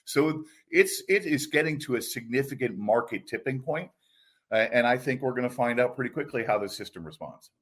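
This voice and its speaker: A man answers as a radio guest in an even, mid-range voice. He explains steadily, adding small fillers as he goes. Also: medium pitch, brisk, husky. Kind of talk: interview answer.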